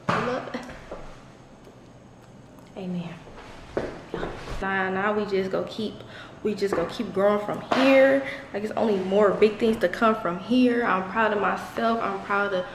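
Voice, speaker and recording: A woman's voice: mid-range voice, moderate pace, very noisy. Chatty young woman, echoey empty apartment. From Detroit, USA. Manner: chatty, excitable, talks straight to viewers as y'all, swears freely. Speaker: vlogger. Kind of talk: casual apartment tour vlog. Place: new, mostly empty apartment indoors.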